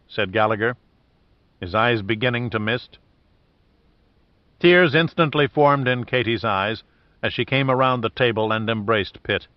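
A man narrating a novel in a steady, even reading voice. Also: mid-range voice, normal speed, no echo. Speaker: audiobook narrator. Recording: dull dry studio read.

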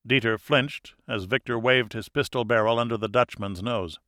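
Guy narrating a novel, measured and even, middle pitch, dry close mic. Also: no room sound. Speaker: audiobook narrator. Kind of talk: scripted narration.

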